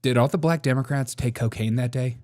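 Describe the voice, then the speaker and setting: A man's voice: medium pitch, fairly quick, background noise. Male host, casual sarcastic commentary, laughs a lot between remarks. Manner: sarcastic, laughs often while talking. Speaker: political commentary show host.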